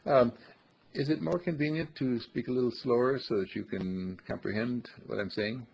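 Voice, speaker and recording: A man with a gravelly, husky voice teaching a small group on spirituality, speaking slowly and emphatically and repeating phrases like a chant. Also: medium pitch, a little mellow. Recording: dull lo-fi recording.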